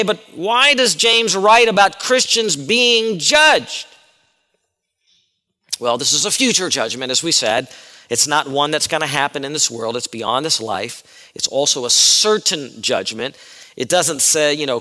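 A man's voice: mid-range voice, sharp tone, in a large hall. A male pastor giving an earnest expository sermon, explaining Greek words and asking his congregation questions.

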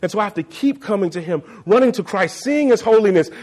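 A preacher whose voice sits very high for a man. He drives his sermon with fervent, rising passion and builds to shouts. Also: expressive, quick pace. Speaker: pastor.

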